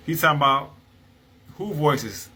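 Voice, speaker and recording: Casual man with a bright voice. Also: a little high, animated, unhurried, husky, poor audio. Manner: conversational, many fillers and "right?" checks. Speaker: commentator reading from a book. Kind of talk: casual explanatory talk with read-aloud quotes.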